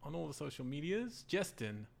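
A man hosting a casual podcast chat, relaxed and laughing often, with many fillers. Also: a little high, normal speed, vocal fry. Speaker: podcast host.

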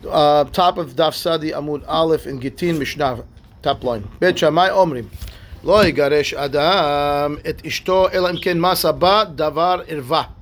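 A rabbi giving a daily Talmud class reads out Hebrew and Aramaic text, then explains it in conversational English, frequently checking in with "right?" and "okay?". His voice is a little high and his speed is normal.

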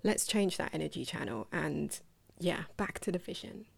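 A woman's voice: low-pitched, animated, normal speed, gravelly, slightly rough. A woman hosting a solo podcast, talking in a chatty, digressive way and asking the listener questions. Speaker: podcast host. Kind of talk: reflective solo podcast talk.

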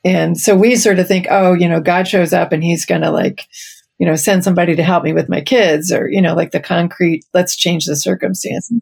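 A woman hosts a faith podcast and answers her guest thoughtfully, without hurry. Her voice sits low and has a husky, gravelly texture with plenty of fry. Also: fairly even intonation, fairly quick, darkish tone. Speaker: podcast host. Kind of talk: casual faith podcast chat.

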